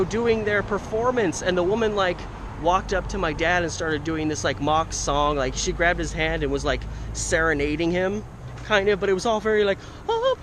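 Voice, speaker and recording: A man chatting and rambling as he walks a city street, filming himself and swearing casually as he talks. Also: high voice. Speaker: local history vlogger. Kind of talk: casual walking vlog. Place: outdoors on a busy city street. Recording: street traffic noise behind.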